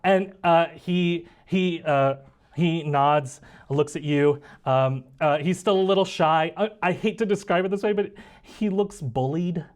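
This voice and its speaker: A man's voice: on the high side, a little slow. Rambling male game master. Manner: rambling, many fillers. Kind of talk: narrating a tabletop game.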